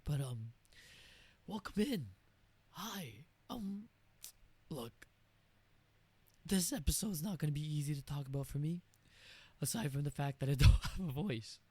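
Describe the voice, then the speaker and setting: A man hosting his own podcast in a casual solo talk, his voice hoarse and worn from losing it, laughing at himself and now and then dropping to a whisper. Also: a little high, a little mellow. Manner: self-deprecating, laughs, drops to whispers. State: hoarse, lost voice. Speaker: podcast host. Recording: guitar music behind.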